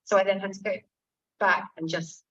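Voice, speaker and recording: An English actor and author answering audience questions at a bookshop event, candid and self-mocking, with frequent swearing. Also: female voice, mid-range voice, fairly even intonation, normal speed, fairly bright tone. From England. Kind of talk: casual stage conversation. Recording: distant, dull lo-fi room recording.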